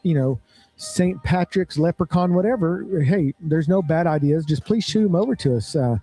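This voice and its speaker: A man's voice: on the high side, animated, moderate pace, warm tone, soft background music. Jokey, chatty male podcast co-host. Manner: jokey, chatty, puts on mock accents. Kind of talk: casual chat.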